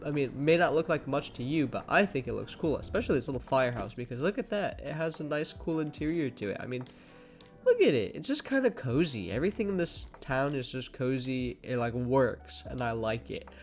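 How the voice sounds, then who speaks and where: A man's voice: mid-range voice, animated, brisk, hardly any pauses, faint music behind. A young man hosting a gaming channel, giving casual, rambling commentary full of fillers and restarts while sounding a little sleepy. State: sleepy, yawning.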